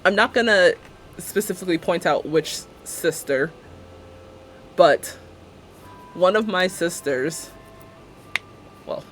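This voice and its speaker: A woman's voice: fairly low pitch, slow, pauses often, soft background music. A young woman live-streaming a building game, chatting casually and sarcastically and laughing often.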